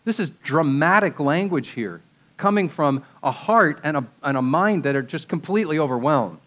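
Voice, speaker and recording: A man's voice: on the high side, expressive, brisk, fairly bright tone. A man preaching a sermon in a conversational way, asking rhetorical questions and dropping casual asides.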